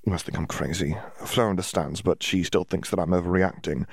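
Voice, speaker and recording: A man voicing an earnest, sharp-tongued teenage witch student in an audiobook, asking clipped, pointed questions. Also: low voice, fairly quick, breathy edge, no echo, studio quality.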